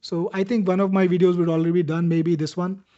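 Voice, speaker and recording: A man with a high, mellow voice hosts a webinar, upbeat and salesy as he walks through a software demo and answers viewers by name. The audio is a bit dull and lo-fi. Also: level tone, fast talker. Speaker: webinar host demoing software. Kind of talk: live product demo answering viewer questions.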